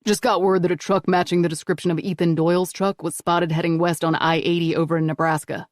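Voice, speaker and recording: Woman reading a male officer, brisk, matter-of-fact, low voice, close dry sound. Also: level tone, no room sound, close to an everyday voice.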